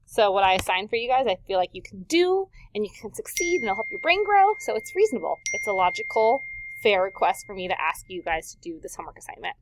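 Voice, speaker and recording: A woman teaching a recorded vocabulary lesson to young students, patient and clear, drawing words out slowly for the class to repeat and checking in often. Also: mid-range voice, big pitch swings, noisy background. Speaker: elementary school teacher.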